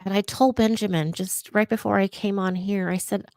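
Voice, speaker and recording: A woman's voice: mid-range voice, steady tone, moderate pace, darkish tone, dry recording. A woman who works as a psychic talking in a casual vlog monologue, earnest and repeating words for emphasis. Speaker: psychic and vlogger.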